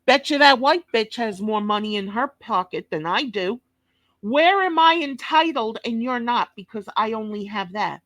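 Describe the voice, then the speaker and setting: A woman's voice: a little high, lively intonation, moderate pace, fairly bright tone, dry recording. A woman with a New York accent hosting a reaction video, delivering a blunt, cursing, scolding rant. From Brooklyn, New York. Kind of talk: profane reaction commentary.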